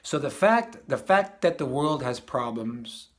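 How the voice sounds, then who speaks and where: A man's voice: medium pitch, very animated, unhurried. A man giving a casual spiritual talk as a teacher, often restarting phrases and chuckling at his own points.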